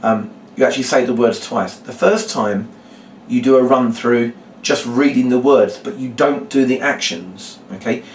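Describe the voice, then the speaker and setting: A man's voice: moderate pace, slight background noise. Brit guy showing a kids' magic trick, explains then acts the lines out, roomy echo, sounds a bit far off. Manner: explains step by step, then acts out his patter in a bright, higher voice. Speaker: children's magician teaching a trick. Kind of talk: demonstration lesson. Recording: echoey room, mic at a distance.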